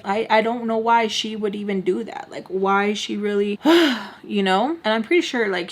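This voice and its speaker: A woman's voice: mid-range voice, fairly bright tone. A young adult woman vlogger telling a storytime while doing her makeup, talking emphatically and saying "like" a lot, with murmured asides. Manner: emphatic, peppers talk with "like", drops to murmured asides.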